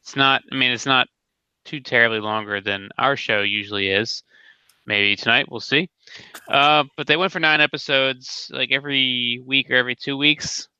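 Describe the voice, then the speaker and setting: A man hosts a casual podcast through a headset, his voice very bright and smooth. He jokes at his own expense and drifts into quick asides. The sound is close and dry. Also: medium pitch, steady tone, dry recording, highs cut off. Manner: joking, self-deprecating, quick asides. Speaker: podcast host.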